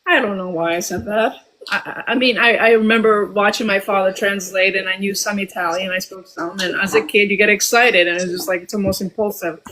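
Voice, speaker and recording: A woman's voice: medium pitch, steady tone, brisk, bright, forceful tone, rough recording. Woman from Albania recounting her past. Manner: reflective, many ums and restarts. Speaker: guest. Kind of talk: personal storytelling.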